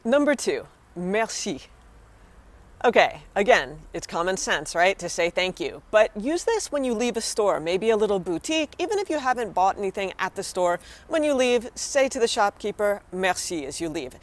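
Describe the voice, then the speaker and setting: A young American woman with a medium-pitched voice and big pitch swings talks at a moderate pace. In a casual vlog lesson she teaches everyday French phrases, chatty and encouraging as she addresses viewers directly.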